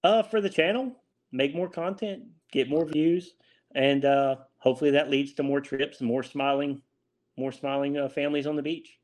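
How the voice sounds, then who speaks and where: A man in his forties with a Louisiana accent, a guest talking casually in an interview, laid-back and quick to chuckle at himself. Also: a little high.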